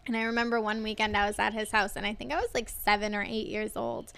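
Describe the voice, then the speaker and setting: A woman's voice: mid-range voice, steady tone, quick pace, vocal fry, fairly bright tone, smooth. A young woman with a cold, co-hosting a podcast and telling a story in a laughing, casual way. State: sick with a cold. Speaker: podcast co-host. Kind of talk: casual chat.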